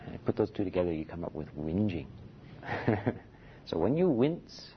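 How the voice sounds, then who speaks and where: A man teaching a meditation retreat in a relaxed, conversational dharma talk, often saying "you know" and chuckling softly. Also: normal speed. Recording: dull lo-fi recording with faint rumble.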